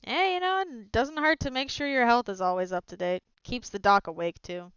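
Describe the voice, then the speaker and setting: A woman's voice: on the high side, a little fast, fairly bright tone, clean tone, no echo, dull audio. A woman in tabletop role-play, speaking cheerfully in character as a ship's captain. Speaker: player as ship captain.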